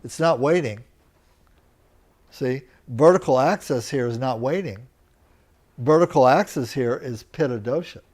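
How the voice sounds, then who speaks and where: A man's voice: mid-range voice, a little mellow. A man teaching a live lecture, explaining step by step and often checking that his students understand. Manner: slow, deliberate, checks in with students. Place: teaching center room.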